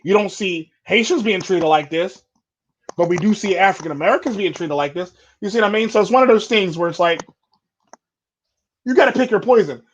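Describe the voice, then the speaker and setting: Fast, high-voiced man ranting bluntly. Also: animated, dull audio, a little hiss or hum. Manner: blunt, rambling, repeats set phrases. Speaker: podcast host. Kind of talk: casual chat.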